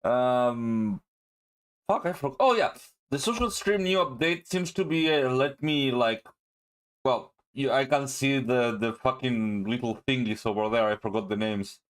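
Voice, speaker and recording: A man's voice: mid-range voice, measured pace. A man streaming a game, talking casually in a rambling way, full of fillers and the odd swear. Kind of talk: casual let's-play commentary. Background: faint game music.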